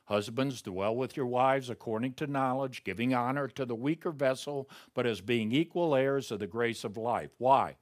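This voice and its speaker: A man's voice: medium pitch, moderate pace, hardly any pauses. Man preaching a sermon, pulpit voice. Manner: swings between raised emphatic reading and hushed prayerful murmur. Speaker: pastor.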